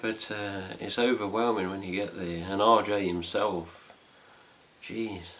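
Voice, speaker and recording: A middle-aged Englishman rambles casually to camera from a room at home with cats around, hosting a fan news video and swearing lightly along the way. His lowish voice holds a steady, fairly bright tone at a measured pace, with slight background noise.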